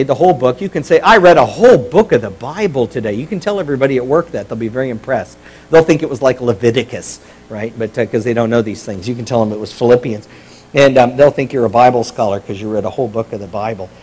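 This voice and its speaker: A man's voice: medium pitch, a little mellow, husky, poor audio. A middle-aged man preaching a sermon as pastor, in a conversational, jokey way.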